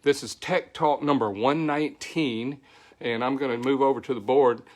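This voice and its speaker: A middle-aged man with a Southern country accent, slightly hoarse from a voice that is still recovering, chatting casually as the host of a weekly tech livestream and greeting viewers by name. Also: medium pitch, fairly even intonation, moderate pace. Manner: rambling, folksy, thankful, greets viewers by name.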